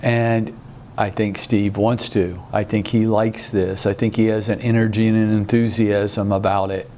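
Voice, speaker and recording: A man gives an animated, rallying coaching talk full of rhetorical questions. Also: lowish voice, measured pace, slight background noise. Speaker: real estate sales coach. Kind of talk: motivational training talk.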